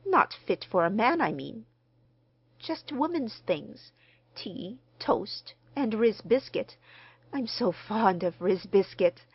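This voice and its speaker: A woman's voice: mid-range voice, sing-song, takes it slowly, breathy edge, highs cut off, exaggerated voice. A woman reading the part of a shy, flustered spinster dressmaker who stammers. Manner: stammering, eager, homely speech.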